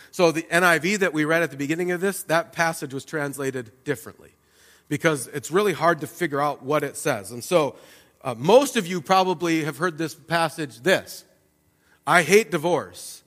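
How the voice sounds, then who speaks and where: A man preaching a sermon in a church, animated, acting out the voices of God and the people as he speaks. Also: on the high side, fairly quick, big-room sound. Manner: animated, acts out God's and the people's words. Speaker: pastor. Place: church sanctuary.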